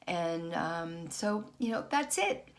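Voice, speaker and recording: A woman's voice: on the low side, animated. A middle-aged woman vlogging casually, frazzled and frustrated, stopping and restarting her sentences. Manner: frazzled, halting, many restarts. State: worn out and frustrated. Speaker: vlogger and author. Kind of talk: casual personal vlog.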